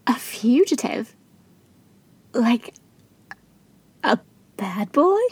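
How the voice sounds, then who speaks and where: A woman's voice: a little high, big pitch swings, extremely slow, darkish tone, slight background noise, full character voice. A woman playing the host's vain, dramatic sister, a would-be starlet putting on an American accent in a comedy audio drama. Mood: flippant. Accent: put-on American. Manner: ditzy, theatrical, self-absorbed.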